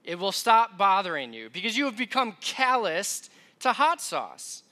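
Bright-voiced young male preacher. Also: high-pitched, big pitch swings, a little slow. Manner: conversational, self-deprecating storytelling. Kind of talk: sermon.

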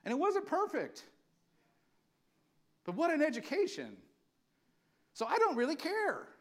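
Man, pastor, sermon, high voice, very animated pitch, impassioned, conversational. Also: unhurried. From California. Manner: impassioned, conversational preaching with acted-out quotes.

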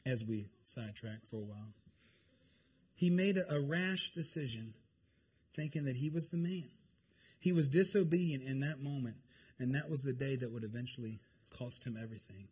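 A man preaching a lively, joking sermon to his congregation. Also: mid-range voice, normal speed, slightly rough. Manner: animated, jokey, talks to the congregation. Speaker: pastor.

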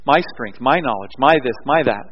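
A man's voice: medium pitch, expressive, normal speed, breathy edge, big-room sound, dull audio. A man preaching a sermon as pastor, telling stories in an earnest way and building to emphatic peaks. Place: church.

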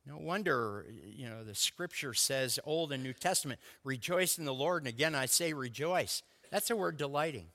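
A man preaching a sermon as a pastor, telling personal stories in a lively way that swings between loud bursts and hushed asides. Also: a little high, in a large hall.

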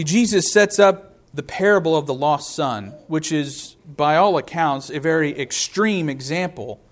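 A man in his thirties preaching a sermon in a conversational way, telling personal stories. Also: fairly high pitch. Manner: conversational, storytelling with personal anecdotes. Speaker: pastor.

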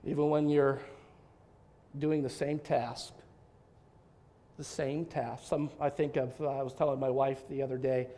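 A male pastor preaching a sermon, animated and talkative, with frequent restarts and rhetorical questions to his congregation. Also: mid-range voice, unhurried, pauses often, slight background noise.

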